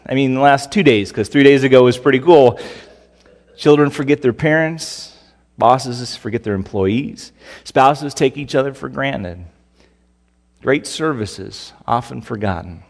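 A man's voice: mid-range voice, gravelly. A man pastor preaching a sermon in a conversational way, with rhetorical questions and acted-out prayers. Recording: long hall reverb.

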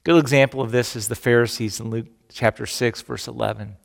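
A middle-aged man preaching a sermon, animated and emphatic, acting out the quotes he tells. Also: mid-range voice, fairly quick, creaky, long reverb tail. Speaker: pastor.

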